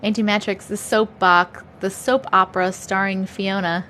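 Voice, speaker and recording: A woman's voice: medium pitch, fairly even intonation, moderate pace, pushed and bright, slight background noise. A woman in her thirties hosting a casual live stream, reading chat and laughing often as she talks. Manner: laughs often, chatty and upbeat. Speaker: livestream host.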